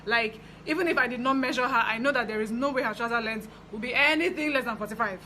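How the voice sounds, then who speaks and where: A young Nigerian woman telling a story from her fashion business in a chatty, animated way. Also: a little high, fast talker, a little hiss or hum, poor audio. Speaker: fashion designer vlogger. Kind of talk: casual storytelling.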